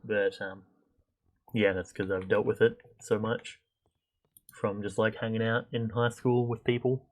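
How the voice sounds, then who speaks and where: A man's voice: fairly low pitch, flat delivery, a little slow. Young man rambling on a game stream. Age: young adult. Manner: rambling, chatty, thinks aloud with many fillers. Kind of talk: casual gameplay commentary.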